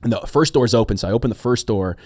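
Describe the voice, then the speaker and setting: A man's voice: medium pitch, fast talker, warm tone, no echo, clean studio sound. A man from Ohio hosting a podcast, telling a story in casual chat, acting out the people in it and laughing often. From Ohio, USA. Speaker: podcast host.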